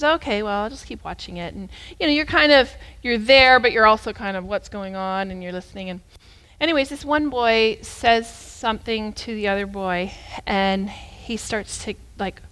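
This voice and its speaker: Animated woman preacher telling a story. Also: fairly high pitch, unhurried, clear, resonant tone. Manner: animated and conversational, with big swings between loud and hushed. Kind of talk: storytelling sermon.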